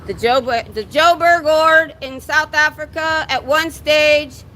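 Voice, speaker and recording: A woman protesting outdoors near a building's door, projecting her voice loudly in an indignant, challenging drill-sergeant manner while livestreaming on a phone. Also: high-pitched, unhurried. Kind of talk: loud street protest speech.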